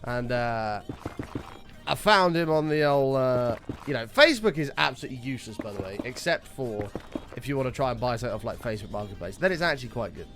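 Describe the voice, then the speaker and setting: A man's voice: medium pitch, lively intonation, fast, fairly bright tone, soft background music. A man chatting casually to his stream audience, telling a rambling story with a lot of swearing. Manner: rambling anecdote, frequent swearing.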